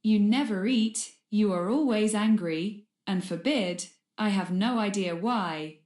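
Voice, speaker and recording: A woman narrator plays a furious professor who shrieks accusations at a colleague in a fan-read storybook. The voice sits at a middle pitch, with a roomy echo. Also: unhurried, a little mellow, lightly acted. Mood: angry. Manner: shrill and accusing. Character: angry, shrieking wizard professor.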